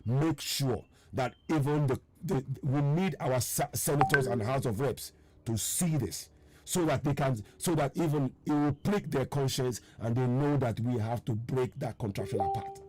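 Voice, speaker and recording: A Nigerian man with a medium-pitched voice hosts a live online broadcast at a normal pace, with noise in the background. Sounding strained and tired, he pushes his viewers urgently, hammering the same points again and again. He reads out viewers' names and responds to their comments in this impassioned live-stream address.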